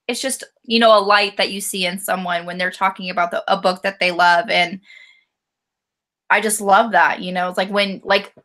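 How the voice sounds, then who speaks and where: Bright, giggly enthusiastic woman. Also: mid-range voice, fairly even intonation, normal speed. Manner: enthusiastic, giggly, filler-heavy. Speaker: co-host. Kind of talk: casual book club chat.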